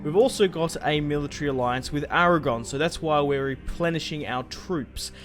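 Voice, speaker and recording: A man's voice: fairly high pitch, moderate pace, a bit bright, soft background music. Chatty young man gaming. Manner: chatty and rambling, swears casually, laughs at himself. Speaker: gaming YouTuber. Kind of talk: casual gameplay commentary.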